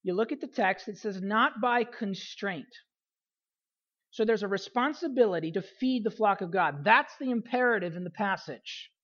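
A woman pastor delivers a sermon at a middle pitch, pressing on key phrases and repeating them. Her phrases often trail down and soften at the ends. The recording is a little dull and lo-fi. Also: lively intonation, normal speed.

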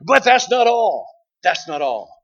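A man putting on the voice of an excited male game show host, shouting prizes in a big announcer voice. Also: sits high, a little slow, full character voice. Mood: booming. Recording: echoey room, slightly muffled.

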